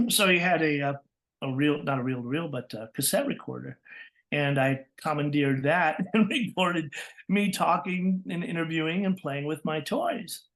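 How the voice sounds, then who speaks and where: Animated man from California, higher voice. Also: normal speed. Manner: animated, laughs often, acts out quoted voices. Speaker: guest, voice actor. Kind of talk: interview storytelling.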